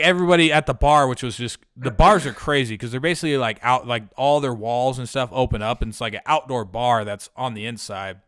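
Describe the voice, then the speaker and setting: Young man rambling, smooth and dry. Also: mid-range voice, sharp tone, no room sound. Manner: rambling, profane, lots of "like" fillers. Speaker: podcast host. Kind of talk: casual storytelling.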